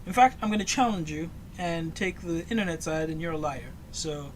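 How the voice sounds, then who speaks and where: High-voiced teasing male podcast co-host. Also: normal speed, slight background noise. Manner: teasing and needling his co-host. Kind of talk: casual chat.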